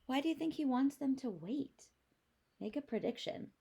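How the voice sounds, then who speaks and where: A teacher reading a picture book aloud to young children, expressive and explanatory. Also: female voice, high voice, moderate pace, creaky, husky.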